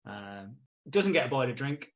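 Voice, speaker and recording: A man's voice: mid-range voice, measured pace. A British man hosting a podcast, recapping episodes in casual chat, acting out the characters' lines with swearing and frequent laughter. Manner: animated retelling, acts out characters' lines, swears, laughs often.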